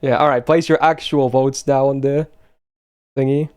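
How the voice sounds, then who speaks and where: A man's voice: mid-range voice, flat delivery, moderate pace, darkish tone, clear, resonant tone. A young man chatting casually on a live stream, blunt and swearing often as he talks to his chat.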